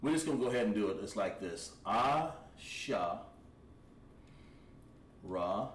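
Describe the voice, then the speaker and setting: A man teaching a language class, thinking aloud and pausing while he writes on a board. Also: on the low side, expressive, a little mellow. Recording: echoey room, mic at a distance, faint noise.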